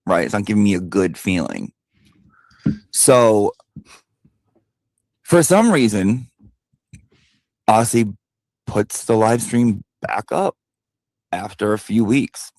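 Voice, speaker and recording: A man's voice: fairly low pitch, lively intonation, takes it slowly, long pauses, darkish tone, dry recording. A man vlogging, telling a story in a casual, emphatic way with frequent swearing and asides. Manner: emphatic and profane, with lots of asides.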